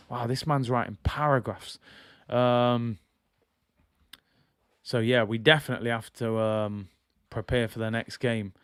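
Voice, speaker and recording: A man's voice: medium pitch, steady tone, unhurried, pauses often, clean tone, no echo, clean studio sound. A man hosting a football channel, giving casual fan commentary in a chatty, incredulous way and often apologizing.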